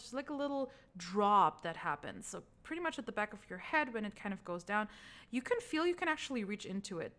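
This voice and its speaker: A woman's voice: on the high side, a bit bright. Chatty woman teaching brain anatomy. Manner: casual, chatty, laughs at own slips. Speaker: trauma healing instructor. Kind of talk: recorded course lecture.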